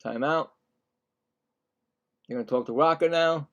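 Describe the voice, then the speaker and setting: Excitable man calling baseball play-by-play. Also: a little high, muffled recording. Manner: excitable, jumps louder on big plays, chatty asides; acts out players' thoughts in quick asides. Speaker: play-by-play commentator. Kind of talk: live baseball play-by-play commentary.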